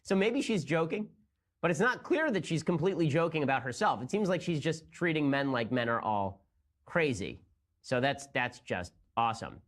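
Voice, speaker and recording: A man's voice: a little high, animated, moderate pace. A young man hosting a commentary show, talking in a sarcastic, incredulous way as he reacts to clips. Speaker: political commentator host. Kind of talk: rapid-fire sarcastic commentary.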